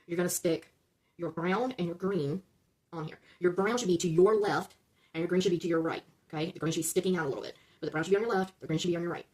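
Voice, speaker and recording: Fast-talking husky woman giving step-by-step instructions. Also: lowish voice, a little mellow. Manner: talks viewers through each step, checking in with "okay?"; chatty, stumbles over numbers and corrects herself. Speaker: LEGO build-along host.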